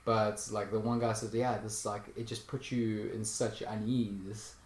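A man's voice: on the low side, flat delivery, measured pace. A man in casual podcast chat, laid-back and slangy, swearing now and then. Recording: roomy echo, faint noise.

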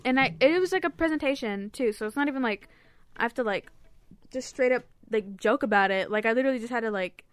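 A woman with a high voice on a casual podcast. She sounds exasperated and keeps pushing back while she explains herself. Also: fast talker, no room sound. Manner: exasperated, protesting. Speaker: podcast guest.

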